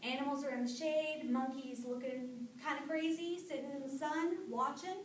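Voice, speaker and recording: A woman's voice: sits high, normal speed, recorded from a distance, noisy background. A young woman telling a folk tale to a live group in a casual, chatty way. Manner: chatty, animated, with fillers. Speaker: storyteller. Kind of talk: casual oral storytelling to an audience. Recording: echoey room, voice from off-mic.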